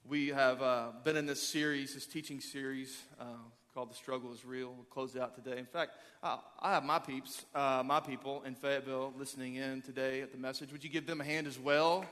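Energetic pastor in an echoing hall. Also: male voice, medium pitch, fast talker, few pauses, background noise. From Arkansas. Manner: energetic, joking, rallying the crowd. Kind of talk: sermon. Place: large church auditorium. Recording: long hall reverb.

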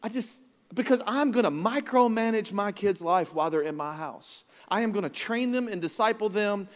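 A man in his thirties preaching a sermon to a church congregation, energetic and joking, now and then mimicking his children. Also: high voice, normal speed. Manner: energetic, joking, acts out his kids' voices. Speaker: pastor. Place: large church auditorium. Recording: reverberant church hall.

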